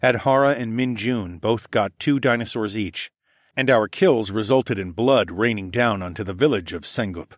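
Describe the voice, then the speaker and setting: A man narrating a first-person adventure novel in a steady storytelling read, lifting his energy for the dialogue. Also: on the low side, moderate pace, dry recording, clean studio sound. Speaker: audiobook narrator.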